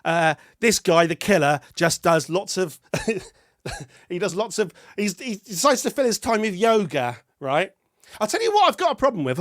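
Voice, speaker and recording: A man with a high voice talks film on a podcast, animated and quick to laugh. He is recorded close and dry, with no room sound. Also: no echo. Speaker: podcast co-host. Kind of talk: casual film review chat.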